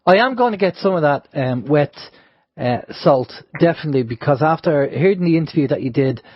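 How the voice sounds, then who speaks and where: A man hosts a radio talk show at a mid pitch, speaking earnestly and repeating his points for emphasis. The sound is close and dry, with a dull, slightly lo-fi tone. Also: animated, brisk, dry recording. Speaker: radio host.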